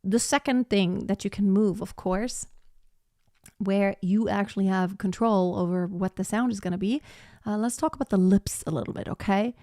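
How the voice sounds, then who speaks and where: A woman's voice: mid-range voice, moderate pace, mellow, dry recording, studio quality. A woman voice teacher giving a live singing lesson, explaining technique and breaking into short sung demonstrations.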